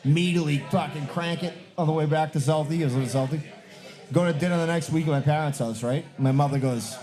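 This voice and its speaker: A man's voice: on the high side, quick pace, a little mellow, faint music behind. A man, co-hosting a podcast live from a bar and telling loose, profane stories to friends. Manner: profane, joking, loose storyteller. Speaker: podcast co-host. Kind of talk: casual storytelling among friends.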